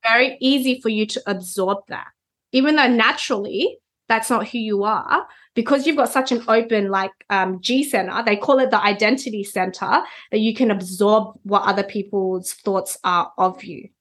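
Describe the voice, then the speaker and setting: A woman's voice: medium pitch, normal speed, a bit bright. A woman, a guest reader, explaining concepts in a conversational chat and often checking in with "right?". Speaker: Human Design reader, guest.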